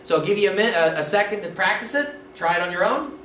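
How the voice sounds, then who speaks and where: A man's voice: high voice, lively intonation, a bit bright, recorded from a distance, slight background noise. Man teaching a language lesson, echoey room. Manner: repeats words slowly for practice, checks in with "okay?". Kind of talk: casual spoken lesson. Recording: echoey room, voice a little off-mic.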